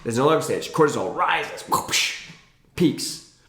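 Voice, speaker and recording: Animated man in a roomy echo. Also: mid-range voice, a little slow. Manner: animated, emphatic, playful asides. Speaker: naturopathic health educator. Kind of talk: energetic educational talk to camera.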